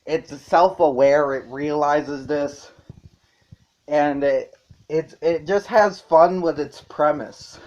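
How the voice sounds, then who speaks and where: A man's voice: a little high, steady tone, slow pace, a little mellow, muffled recording. A man reviewing a movie in a casual, rambling way, swearing and chuckling as he goes.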